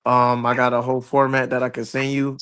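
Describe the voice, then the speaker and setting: A man's voice: medium pitch, monotone, fairly quick, a bit bright, clear, resonant tone. A man who is a retired boxer and trainer, talking in a laid-back, plain-spoken way as a guest. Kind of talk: casual interview chat.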